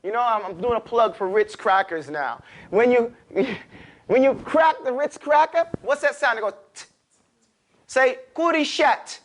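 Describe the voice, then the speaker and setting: A man with a New York accent teaching a class, lively and animated, urging his students to repeat after him. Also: very high-pitched, normal speed, slight background noise. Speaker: Arabic teacher. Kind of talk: classroom lecture.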